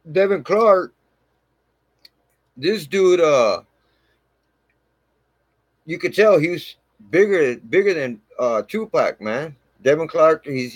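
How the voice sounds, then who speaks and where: A man's voice: fairly high pitch, no echo, low-quality recording. A man telling his own story on his channel, rambling and swearing heavily, with "man" dropped into nearly every line. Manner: rambling, heavy swearing, frequent "man" fillers. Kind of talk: casual storytelling to camera.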